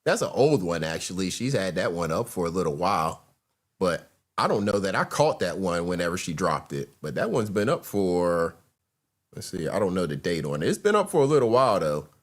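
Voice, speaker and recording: A man's voice: sits low, big pitch swings, fairly quick. A man hosting a reaction show, bluntly commenting on clips and calling his viewers y'all. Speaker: host.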